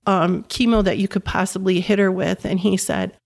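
A woman in her fifties recounting a personal story in conversation. She speaks earnestly and with emphasis, often repeating words to drive a point home, at an ordinary middle pitch. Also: steady tone, moderate pace, gravelly, a little mellow. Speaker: guest, caregiving mother.

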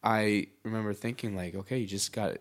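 A man's voice: on the low side, steady tone, brisk. Candid man in casual podcast chat. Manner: candid, swears freely, many fillers.

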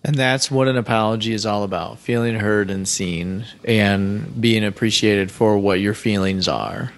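A man with a low, gravelly voice co-hosts a relaxed couples podcast. He talks things through in a measured, explanatory way and retells past conversations step by step. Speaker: podcast co-host. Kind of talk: casual couples chat.

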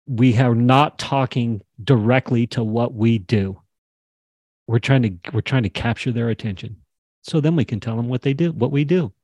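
An impassioned man teaching a group on a call, acting out both sides of a conversation as he talks. His voice sits at an ordinary middle pitch. The sound is dry and close, with no room around it. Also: a little mellow, no room sound. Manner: impassioned, acts out dialogue. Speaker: podcast host and coach. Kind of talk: animated teaching session on a video call.

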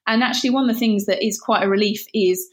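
A woman's voice: medium pitch, quick pace. Chatty British woman telling stories. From Britain. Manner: chatty, laughs at her own stories, many restarts. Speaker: guest, barefoot runner. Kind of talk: animated storytelling interview.

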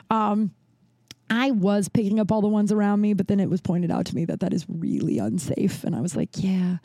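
A woman hosts a solo podcast in casual, rambling chat and tells stories in a blunt, profane way. Her voice is mellow and soft-edged, and it sits close and dry on the mic with no room sound. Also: mid-range voice, no room sound. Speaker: podcast host.

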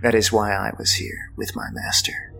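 Battered apprentice wizard, guarded and weary, low quiet voice, put on by a man. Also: little pitch movement, normal speed, creaky, whispered, soft background music, poor audio.

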